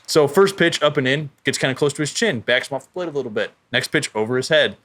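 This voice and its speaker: A man co-hosting a casual sports podcast, telling the story with a forceful, bright edge. He talks in a worked-up, rapid way and swears freely. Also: mid-range voice, animated. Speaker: podcast co-host.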